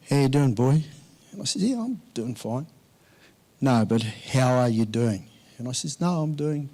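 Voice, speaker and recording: A man giving a eulogy at a memorial service, halting with many fillers and restarts. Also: medium pitch, darkish tone. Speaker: eulogy speaker. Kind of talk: memorial speech.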